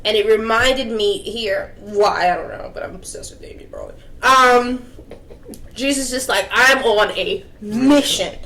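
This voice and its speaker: Casting note: woman with a slightly high voice, playful and slangy, faint ambient hiss behind her. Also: normal speed, bright, forceful tone, poor audio. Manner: playful, voices quoted figures in slangy tones. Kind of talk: casual group Bible chat.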